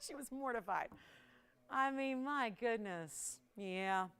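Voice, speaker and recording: A woman's voice: on the high side, expressive, slow pace, sharp tone, smooth. Chatty woman hosting live jewelry sales. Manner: chatty and playful, laughs often, teases crew. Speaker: shopping channel host. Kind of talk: live on-air jewelry selling.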